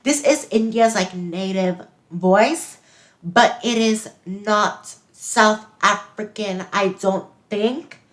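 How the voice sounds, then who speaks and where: A woman's voice: medium pitch, slow pace. A woman hosting a casual video, chatty and upbeat as she introduces her guest. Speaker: host.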